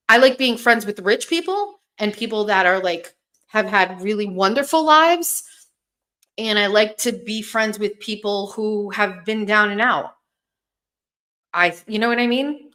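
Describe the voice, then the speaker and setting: A woman's voice: mid-range voice, bright, forceful tone. A woman hosting a casual livestream, talking bluntly to her viewers with plenty of swearing and rambling restarts. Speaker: host.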